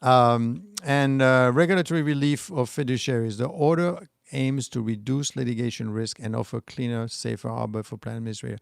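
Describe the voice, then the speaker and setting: A man's voice: medium pitch, a little fast, creaky, hardly any pauses, no room sound, studio quality. A middle-aged man with a French accent, hosting a stock market livestream in a loose, rambling way and answering chat comments. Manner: rambling, restarts, talks back to chat comments. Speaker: stock market channel host.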